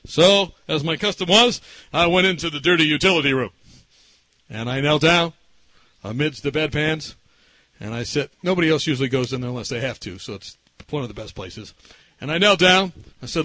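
A man preaching a sermon, telling a story and swinging between shouting and whispering as he acts it out. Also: fairly high pitch, animated, brisk, no room sound.

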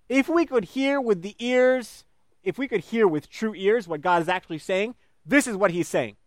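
A man preaching a sermon, animated, acting out voices in his stories. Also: high-pitched, moderate pace, dry recording, studio quality.

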